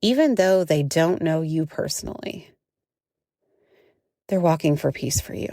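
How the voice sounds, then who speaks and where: A woman's voice: sits low, lively intonation, unhurried, dark tone, no room sound, studio quality. A young adult woman hosting a casual spiritual podcast, chatty and swearing freely, with lots of filler words. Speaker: podcast host.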